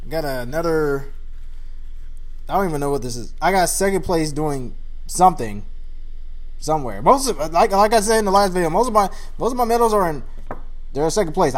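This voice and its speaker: Rambling young man, fairly high voice. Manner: rambling, laughs at himself, gets worked up. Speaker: vlogger. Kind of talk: casual chat.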